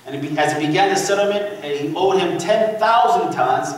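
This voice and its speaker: In a big, echoing church sanctuary, a high-voiced pastor preaches with energy, telling the story animatedly and prompting the congregation to respond. He talks a little fast, far from the mic, with a faint murmur of the room humming beneath him.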